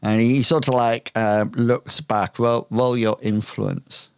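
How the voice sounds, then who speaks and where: A man runs a tabletop game session as game master, moving at an unhurried crawl with lots of ums, hesitant but descriptive. His low voice is smooth, clear and flat, recorded dry and close with no echo.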